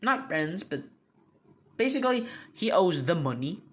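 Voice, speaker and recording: A man's voice: high-pitched, sing-song, a little slow, slight background noise. A young man casually recapping a comic book, rambling with lots of fillers, restarts and slang.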